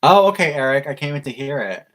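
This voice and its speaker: A man's voice: medium pitch, sing-song, fast talker, fairly bright tone. A man hosting a reaction channel, answering viewer questions in a casual livestream chat, gushing and chatty with lots of "like". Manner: effusive, gushing, heavy use of "like".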